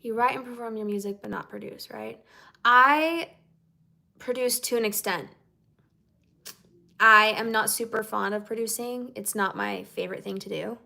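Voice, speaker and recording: A woman's voice: fairly high pitch, normal speed, vocal fry, long pauses, sharp tone. A woman singer-songwriter chatting casually with her fans on a livestream, bubbly and chatty, with lots of "like" and "okay?".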